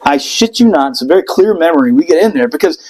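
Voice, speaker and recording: A man in casual podcast chat, telling a wild personal story with plenty of swearing. His voice sits a bit high for a man, and he jumps into quoted voices as he goes. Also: fast talker, slightly rough, rough recording. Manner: animated, profane, acts out voices in quotes.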